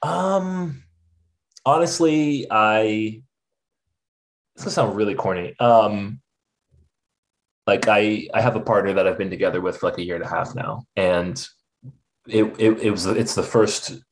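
Young guy guesting on a podcast, lowish voice, lively, does little voices when quoting people. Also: a little slow, long pauses. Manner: animated, acts out quoted voices. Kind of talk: candid conversational storytelling.

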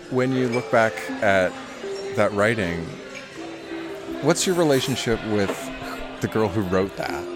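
A man hosting the show, narrating calmly and asking gentle questions. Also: fairly low pitch, a little slow, long pauses, over music. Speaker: show host. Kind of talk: scripted narration and interviewing.

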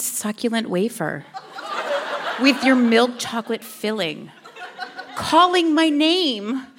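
A woman's voice: sits high, a bit bright, slight background noise. A woman reading a comic love poem on stage in a theatrical, mock-passionate way. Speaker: guest reader. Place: live stage with an audience.

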